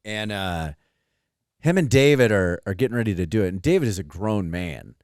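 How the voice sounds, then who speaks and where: Young male podcast co-host, lively pitch, dry close sound, swears while spinning anecdotes. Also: normal speed, clean tone, no room sound. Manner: animated storytelling, swearing, acts out quotes. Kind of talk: casual chat.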